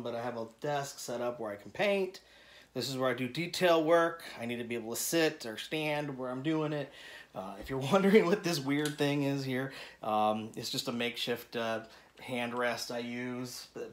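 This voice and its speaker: A man's voice: medium pitch, fairly bright tone, rough recording. A middle-aged man from the United States, hosting an art tutorial from his home studio, talking casually with many restarts. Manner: rambling, self-correcting, chuckling. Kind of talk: casual talk to camera.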